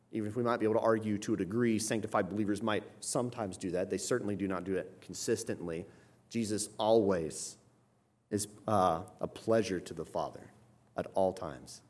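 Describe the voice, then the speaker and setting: Guy preaching a sermon, lowish voice, explains stuff, keeps saying right, gets loud and emphatic. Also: moderate pace. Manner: rising to emphatic, loud passages. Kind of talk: expository sermon.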